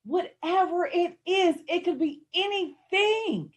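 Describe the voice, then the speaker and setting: A woman giving a motivational talk, building emphatic repeated phrases that swing from soft to loud. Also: extremely high pitch, slow pace. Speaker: motivational speaker.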